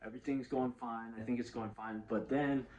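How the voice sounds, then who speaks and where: A man's voice: medium pitch, steady tone, a little fast, darkish tone, lo-fi sound, slight background noise. A young man telling a personal story in a casual, rambling way, swearing freely, correcting himself and laughing often.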